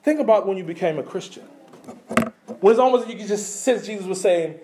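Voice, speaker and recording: A man preaching a sermon as pastor, animated, asking the congregation questions and swinging between loud emphasis and quiet asides. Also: high voice, brisk.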